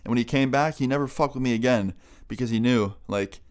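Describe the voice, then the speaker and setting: A man's voice: medium pitch, darkish tone, clean tone. A young man, a vlogger, telling a casual story time, chatty and profane. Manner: rapid, profane, chatty retelling.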